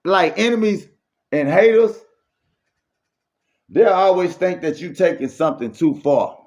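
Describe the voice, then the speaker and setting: A man's voice: high voice, a little slow, darkish tone. A man giving a faith-based motivational monologue, repetitive and preachy, full of street slang. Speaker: motivational speaker. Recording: muffled lo-fi recording.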